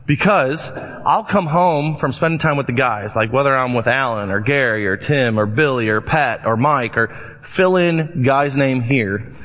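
A man preaching a sermon, reading scripture and telling lively anecdotes as he acts out voices in the stories. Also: mid-range voice, moderate pace. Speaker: pastor. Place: church sanctuary. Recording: long church reverb, dull lo-fi sound.

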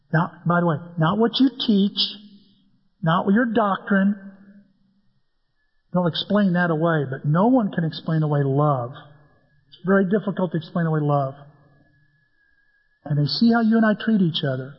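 A man's voice: on the high side, moderate pace, long pauses, husky. An older man preaching a sermon as pastor, in a folksy way that weaves in stories and humor. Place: church sanctuary. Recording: dull sound with long church-hall reverb.

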